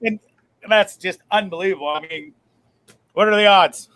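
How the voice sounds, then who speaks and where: A man's voice: high-pitched, normal speed, a bit bright. A man hosting a live online show, chatting with a guest in an enthusiastic, slangy way. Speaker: host. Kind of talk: casual interview chat.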